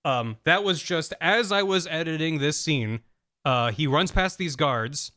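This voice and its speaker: Lively, bright-voiced male streamer. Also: fairly high pitch, a little slow. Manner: rambling, self-deprecating, with fillers. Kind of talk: casual stream commentary. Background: faint music.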